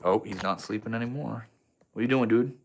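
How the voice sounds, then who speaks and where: A man's voice: fairly low pitch, fairly quick, creaky, darkish tone, slight background noise. A man hosting a casual livestream at home, tipsy, reading chat comments and slipping between spiritual musings, calling people bro and dude. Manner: loose, profane, says bro and dude, preachy bursts. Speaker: livestream host. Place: indoors at home.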